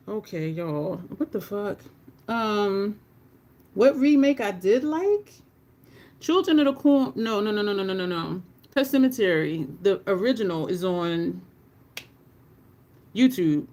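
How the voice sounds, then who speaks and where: A woman's voice: mid-range voice, a little mellow. A woman chatting casually on a livestream while doing her makeup, swearing freely, laughing often and talking to her chat.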